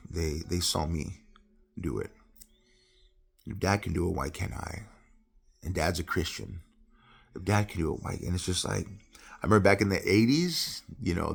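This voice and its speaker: Middle-aged male preacher, gravelly, earnest, swings from forceful to hushed. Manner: earnest and personal, swings from loud emphasis to low, quiet confession. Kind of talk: devotional Bible talk.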